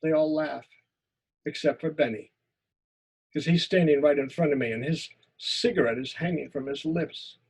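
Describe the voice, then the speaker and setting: A man with a husky, slightly high voice teaches a writing class and reads his own story aloud. He reads with feeling, repeating words as tension rises. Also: normal speed. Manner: expressive reading, repeats words in tense moments. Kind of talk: lecture and reading a memoir story aloud.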